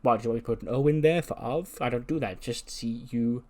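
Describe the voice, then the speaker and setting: A man's voice: mid-range voice, quick pace, a little mellow, natural voice. A man voicing a fussy, eager young male wrestler who rambles and stammers. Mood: sheepish.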